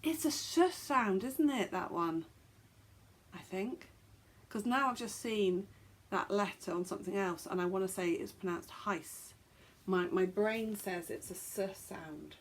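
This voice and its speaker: A woman's voice: mid-range voice, measured pace. A woman hosting a podcast, chatting casually and joking at her own expense as she stumbles over foreign words. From England. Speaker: podcast host.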